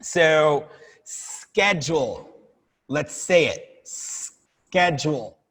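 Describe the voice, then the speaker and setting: A man's voice: sits high, animated, slow, a bit bright. A man teaching a live online English class, encouraging and drilling pronunciation with his students. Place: room with lighting setup, filmed on laptop. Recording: reverberant room.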